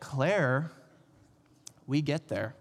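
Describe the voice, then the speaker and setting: A man's voice: fairly high pitch, expressive, very slow. A man telling a personal family story to an audience, laughing often and acting out voices of his family as he goes. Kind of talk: animated storytelling. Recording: reverberant hall sound.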